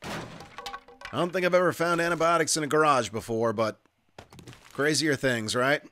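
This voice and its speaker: A man's voice: fairly high pitch, a little slow, pushed and bright, faint music behind. A man giving casual let's-play commentary over a survival game, wry and self-mocking, muttering to himself as he plays. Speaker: gaming YouTuber.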